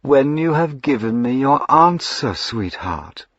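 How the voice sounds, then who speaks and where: A cold, mocking duke from a period storybook, played by a male reader, purring his words softly and without hurry, at times sinking to a whisper. The sound is dry and muffled on a dull lo-fi recording. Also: mid-range voice, very animated, slow pace, no room sound, pitched above the performer's own voice, exaggerated voice. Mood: menacing. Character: sinister aristocratic duke, cold, predatory, mocking.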